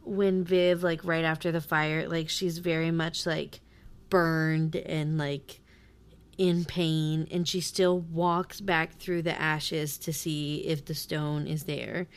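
A woman's voice: low-pitched, flat delivery, takes it slowly, clear, resonant tone. A woman co-hosting a podcast, talking animatedly about a book with lots of fillers and some swearing. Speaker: podcast co-host. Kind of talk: casual book chat.

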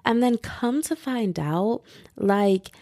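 A woman's voice: on the high side, slow pace, mellow, no room sound, studio quality. A young woman hosting a podcast from home, talking in a chatty, rambling way full of fillers and asides. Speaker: podcast host. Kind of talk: casual podcast monologue.

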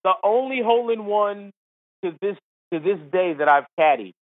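Podcast guest: a lively, laughing man, high-pitched, acting out his anecdotes, heard dry and close. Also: moderate pace, no room sound. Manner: animated, laughing storyteller who acts out others. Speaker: podcast guest, former tour caddie. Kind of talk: storytelling in casual chat. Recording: tinny phone-line sound.

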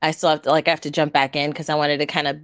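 A woman's voice: low-pitched, racing, no echo. Woman host, casual and chatty, dry close recording. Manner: chatty, relaxed, laughs easily. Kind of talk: casual chat.

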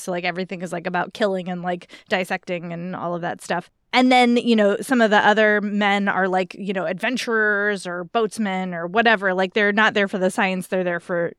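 Smooth-voiced woman podcast host. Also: medium pitch, no room sound, studio quality. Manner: relaxed, rambling, lots of fillers. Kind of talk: casual book chat.

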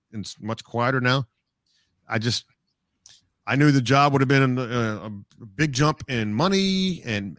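A middle-aged sportscaster, appearing as a guest in a casual interview, tells stories in a rambling, reflective way with many restarts. His mid-range voice has a fairly bright tone, and the studio recording is clean with no echo.

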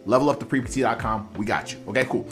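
Man, admissions coach, earnest motivational talk, many fillers and restarts, mid-pitched voice. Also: very fast, faint music behind. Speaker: admissions coach for physical therapy school applicants.

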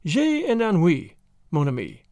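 Man doing a witty bored young noblewoman, teasing and airy, lilting high voice, storybook reading. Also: huge pitch swings, measured pace, darkish tone, dry recording, studio quality, full character voice. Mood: arch, teasing. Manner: gay, teasing, airy delivery.

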